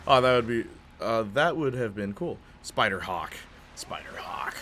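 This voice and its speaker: A young man streaming gameplay, chatting in a rambling, excitable way with lots of fillers and tangents. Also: medium pitch, moderate pace, slight background noise. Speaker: gaming streamer. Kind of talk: livestream gameplay commentary.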